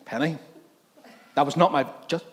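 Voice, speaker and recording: Animated pastor in a hall. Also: male voice, a little high, normal speed. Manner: animated storytelling, laughing often. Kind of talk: sermon. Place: church. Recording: long hall reverb, faint background noise.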